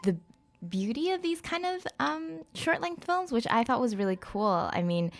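A woman's voice: high-pitched, very animated, moderate pace. A woman chatting casually as an interview guest, talking about films with lots of fillers and hedges. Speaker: guest film reviewer.

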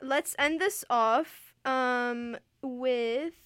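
A woman's voice: high voice, extremely slow, fairly bright tone, clear, resonant tone, dry recording, studio quality. A young woman co-hosting a radio show in casual chat, giggly and chatty, often trailing off mid-sentence.

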